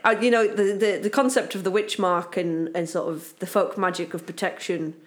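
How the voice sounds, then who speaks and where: A woman's voice: mid-range voice, steady tone, moderate pace. A woman from Britain co-hosting a podcast in casual, playful chat. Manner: playful, bursts into silly voices and laughter. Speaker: podcast co-host.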